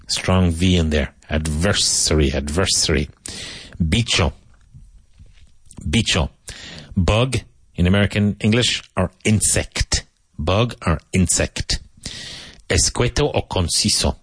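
A man from Ireland, teaching a vocabulary lesson and repeating each word slowly and clearly. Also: deep voice, no echo. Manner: slow, emphatic repetition of each word. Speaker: English teacher.

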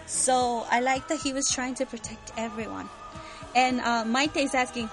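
A woman's voice: fairly high pitch, steady tone, moderate pace, over music, poor audio. A bubbly, giggly woman co-hosting a podcast, chatting casually about a book series and reading out listener comments. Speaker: podcast co-host.

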